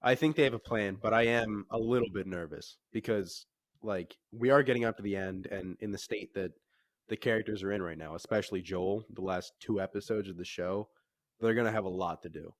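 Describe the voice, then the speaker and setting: A man's voice: on the low side, a little fast, dry recording. A young man co-hosting a podcast, laid-back, mostly giving short agreeing replies. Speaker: podcast co-host. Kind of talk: casual chat.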